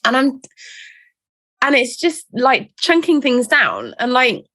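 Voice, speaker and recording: A woman, a guest talking in a casual interview in a chatty, self-mocking and animated way. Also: sits high, takes it slowly. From England.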